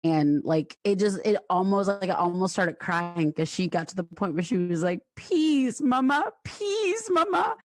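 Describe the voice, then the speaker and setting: A woman's voice: fairly low pitch, steady tone, moderate pace, hardly any pauses, a little mellow, no echo, clean studio sound. A woman in her thirties, a songwriter and author guesting on a podcast, telling stories animatedly with laughs. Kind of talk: casual interview chat.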